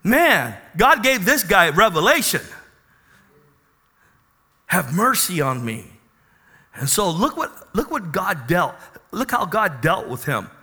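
A man's voice: high-pitched, big pitch swings, measured pace, pushed and bright, slightly rough, long reverb tail. A man preaching a sermon to his congregation, calling for amens and acting out Bible figures. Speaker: pastor. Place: church.

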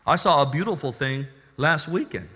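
High, bright-voiced preacher man. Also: lively intonation, normal speed, breathy edge. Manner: call-and-response preaching, asks the congregation for amens; swells from quiet teaching to loud exclaiming. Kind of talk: sermon.

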